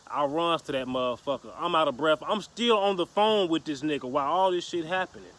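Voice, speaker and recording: A man's voice: on the high side, animated, brisk, fairly bright tone. A man casually telling a story to the camera, profane and slangy, rambling with restarts. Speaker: vlogger.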